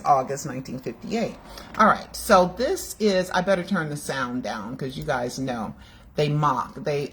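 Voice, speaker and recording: Woman in her sixties, low voice, chatty and rambling, home video, faint hiss behind. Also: fairly bright tone. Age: 60s. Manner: chatty, digressive, emotional. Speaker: video host. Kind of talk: casual chat to camera. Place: home room.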